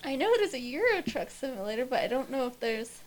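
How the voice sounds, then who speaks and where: A woman's voice: sits high, sing-song, fast talker. A woman panelist on a radio show, thinking aloud hesitantly while sitting away from the microphone.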